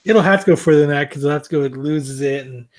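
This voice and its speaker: A man's voice: a little high, fast. Playful man teasing on a podcast. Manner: playful and teasing, laughs often. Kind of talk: casual chat.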